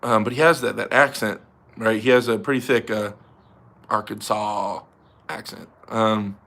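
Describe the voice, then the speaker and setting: Chatty man with a bright voice. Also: on the low side, moderate pace. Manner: rambling, chatty, laughs often. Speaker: livestream host. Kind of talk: casual livestream chat.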